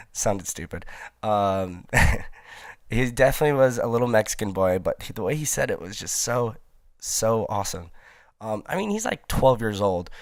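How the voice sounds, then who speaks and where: A man's voice: fairly low pitch, smooth, no room sound, studio quality. A man hosting a casual solo podcast, talking in a loose, rambling way with lots of ums, cursing and frequent laughs. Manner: rambling, laid-back, lots of ums and swearing, laughs often. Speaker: podcast host.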